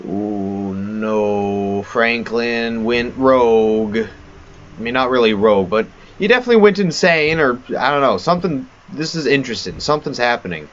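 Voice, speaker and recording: A man's voice: medium pitch, lively intonation, normal speed, dull audio, a little hiss or hum. A man giving rambling, self-mocking let's play commentary on a horror game. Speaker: gamer.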